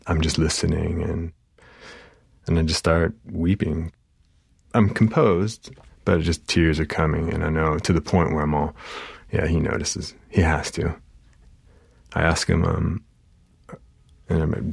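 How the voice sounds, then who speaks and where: A man, a therapist, telling an emotional story from a session, halting with many fillers and restarts. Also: rumbling low, steady tone, gravelly, husky, no echo, faint music behind. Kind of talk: personal storytelling.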